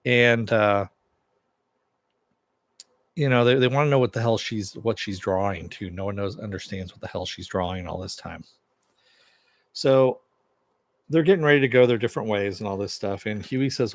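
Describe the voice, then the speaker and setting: A male reviewer with a lowish voice casually recaps an episode at normal speed, retelling the plot in a rambling way packed with fillers. He leaves long pauses, and there's no room sound.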